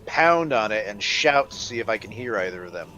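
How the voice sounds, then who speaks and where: Lively man playing a tabletop game. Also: fairly low pitch, brisk, muffled recording, faint music behind. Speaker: player.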